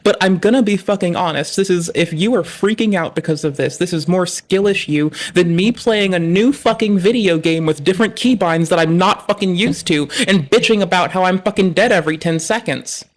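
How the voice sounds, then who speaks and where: A streamer in a loose, blunt rant, swearing in nearly every sentence. The voice sits in a middle pitch and talks straight at the audience. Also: a little fast, few pauses. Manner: blunt, ranting, swears constantly. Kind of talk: casual profane stream commentary.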